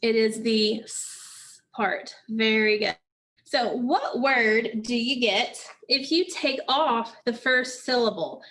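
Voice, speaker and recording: Female teacher, slightly high voice, slow deliberate phonics drills for kids. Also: a bit bright. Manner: slow, patient, asks and answers own questions. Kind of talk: phonics lesson for children.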